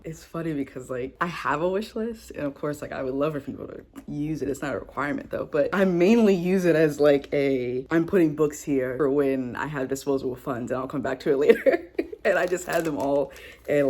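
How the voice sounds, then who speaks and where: A woman's voice: low-pitched, a little mellow, slight background noise. A young woman in a casual, chatty reading vlog, talking into a phone she holds, with lots of "like" fillers. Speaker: book vlogger. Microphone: phone held by hand.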